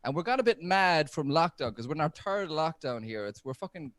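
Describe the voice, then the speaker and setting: A man's voice: on the high side, lively intonation, fairly quick, a bit bright, dry recording. A man performing a stand-up comedy set from home over a video call. He chats along and laughs at his own jokes.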